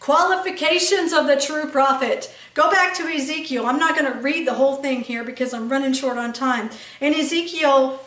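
A woman's voice: high voice, moderate pace, fairly bright tone. A woman preacher teaching a sermon emphatically, checking in with her listeners by asking "okay?" again and again. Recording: echoey room, voice from a distance.

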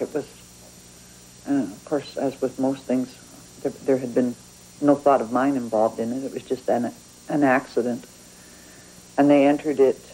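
On a low-quality recording, a writer from Canada talks reflectively about her work during a considered, conversational interview. She has a rumbling low voice with a warm tone.

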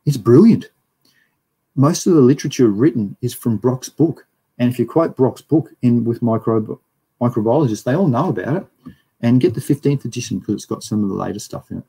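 A man's voice: medium pitch, lively intonation, a little fast, creaky, mellow, breathy edge, low-quality recording. A middle-aged Australian man giving a casual, rambling livestream lecture and reading viewer chat aloud.

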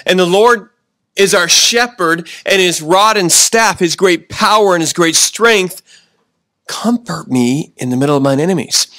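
A man's voice: on the high side, sharp tone, no echo. Preaching man, dry close sound. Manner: slows down for emphasis, restarts often, chuckles. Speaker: pastor. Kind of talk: sermon. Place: church.

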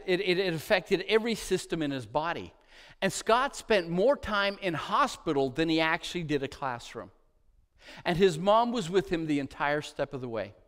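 High-voiced male pastor preaching. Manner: emphatic, swings between loud declarations and hushed soft phrases; storytelling with repeated lists. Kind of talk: sermon. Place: church sanctuary.

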